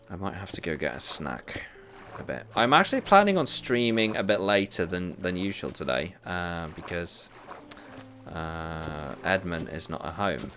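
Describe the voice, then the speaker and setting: A man's voice: deep voice, fairly bright tone, slight background noise. A man live streaming a game and chatting casually with viewers, rambling and restarting his sentences often. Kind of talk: casual chat while gaming.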